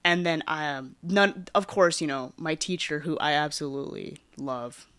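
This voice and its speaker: A podcast host shares a personal story, casually meandering with lots of fillers and a lively, swinging voice. She keeps a low register and a measured pace, and the audio has no echo.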